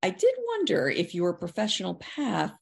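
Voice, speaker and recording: A woman's voice: lowish voice, huge pitch swings, moderate pace, creaky. A woman interviewing an author, asking admiring, thoughtful questions.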